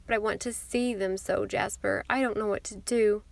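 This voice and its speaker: A woman's voice: medium pitch, fairly even intonation, normal speed, vocal fry, no echo, lightly acted. A woman reading an audiobook, voicing an earnest teenage girl. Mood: wistful. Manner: bright, earnest.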